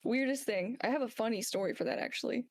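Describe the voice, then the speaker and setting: A woman who served, guesting on a podcast and telling a funny story in an animated, casual way. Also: on the high side, fast talker.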